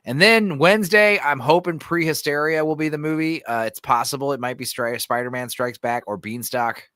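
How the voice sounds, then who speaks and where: A man's voice: a little high, normal speed, sharp tone, no echo, clean studio sound. A man hosting a casual podcast chat, rambling, laughing often and swearing casually, his throat a little sore. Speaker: podcast host.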